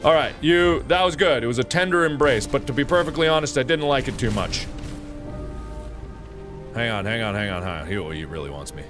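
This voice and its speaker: A man streaming a game live, joking and yelling at enemies, then dropping to low mutters. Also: brisk, over music. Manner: excitable, jokey, yells at enemies then mutters.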